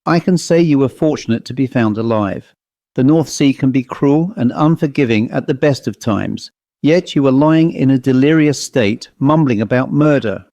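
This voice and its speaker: A man's voice: mid-range voice, moderate pace, dark tone, no room sound, close to an everyday voice. Man voicing a proud provincial English bobby in an audiobook, polite and probing; dry, close sound. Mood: uneasy. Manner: polite, inquisitive, increasingly uneasy. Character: rotund mid-thirties village police constable, proud.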